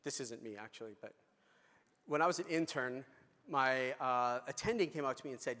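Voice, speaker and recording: A man's voice: mid-range voice, moderate pace, pushed and bright. A middle-aged man giving a conference talk, telling a story in a conversational way with fillers and restarts. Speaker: conference speaker. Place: large conference hall. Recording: reverberant hall.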